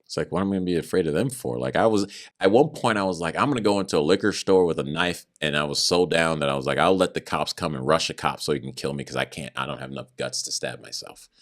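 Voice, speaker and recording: A man with a remarkably deep, low voice shares a personal testimony in conversation. He speaks earnestly about his faith and brings the story to life by acting out what other people said. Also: fast talker. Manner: animated, acts out other people's words in raised voices. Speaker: podcast guest.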